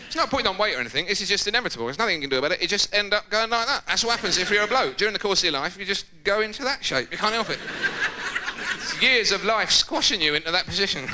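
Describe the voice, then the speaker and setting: A man doing a live stand-up routine on a theatre stage, lively and jumping into quoted voices and shouts. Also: high-pitched, very fast. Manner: animated, jumps into shouted impressions and quoted voices. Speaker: stand-up comedian. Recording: loud background noise, live theatre recording.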